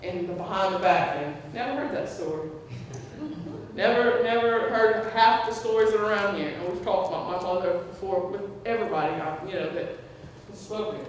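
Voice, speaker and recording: A woman's voice: medium pitch, brisk. A woman shares personal stories with a gathered audience, acting out the voices she quotes and laughing often. Her voice is caught from far off in a big hall with heavy echo. A faint hum sits underneath. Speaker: speaker at a memorial tribute. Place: large hall at a community gathering.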